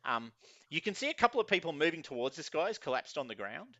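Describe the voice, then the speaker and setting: A man's voice: on the high side, big pitch swings, fast talker, sharp tone, no room sound, highs cut off. A man narrating a tabletop game as game master, rambling with many fillers.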